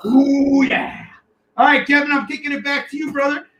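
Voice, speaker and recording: High-voiced, hyped man pitching comic deals. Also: fairly quick, roomy sound, highs cut off, a crowd in the background. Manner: excitable, loud, shouts catchphrases. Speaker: co-host of a live comic shop sales show. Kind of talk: hyped live sales pitch.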